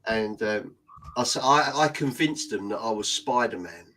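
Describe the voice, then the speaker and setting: A middle-aged British man telling funny stories in casual chat. He talks in an animated way, laughs as he goes and swears freely. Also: fairly low pitch, measured pace, a little hiss or hum, poor audio. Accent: British English.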